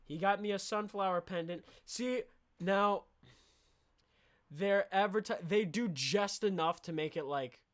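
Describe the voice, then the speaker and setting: A man's voice: high voice, a little slow. Sarcastic young man riffing. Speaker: podcast host. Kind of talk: comedic podcast monologue.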